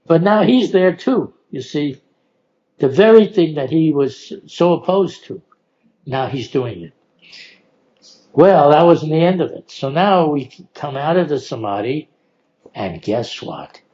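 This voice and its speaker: An older man telling personal stories in an unhurried way, laughing often as he goes. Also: fairly high pitch, warm tone, muffled recording. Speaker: oral history storyteller. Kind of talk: relaxed personal storytelling.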